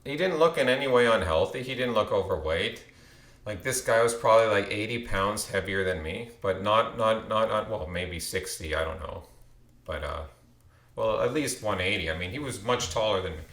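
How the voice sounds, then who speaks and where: A man's voice: fairly low pitch, expressive, normal speed, fairly bright tone, echoey room. A man in his thirties telling a long story to camera in a rambling way, restarting and repeating words. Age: 30s. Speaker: channel host. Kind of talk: casual storytelling monologue.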